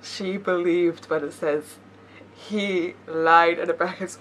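A woman's voice: fairly low pitch, fairly even intonation, slow, a bit bright, a little hiss or hum. A young woman YouTuber reading memes aloud with playful commentary, giggling often and teasing herself. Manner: giggly, laughs between lines; playful, self-mocking asides.

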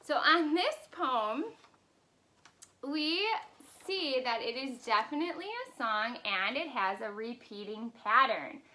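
A woman's voice: on the high side, animated, slow, bright, forceful tone. A woman teacher in a video lesson for young children, cheerful and sing-song as she leads actions and songs. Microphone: camera in front of her.

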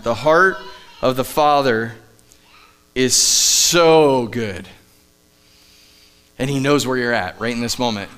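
A man delivers a live church sermon as pastor, his voice smooth and a touch higher than most men's. He preaches with emphasis, then drops to soft, quiet asides. A faint electrical hum sits under the recording. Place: church sanctuary, live service.

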